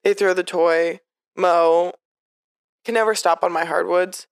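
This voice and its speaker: A woman's voice: lowish voice, steady tone, unhurried, smooth, no echo, clean studio sound. A young woman co-hosting a podcast, telling stories in casual, swearing chat. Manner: chatty storyteller, swears freely. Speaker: podcast co-host.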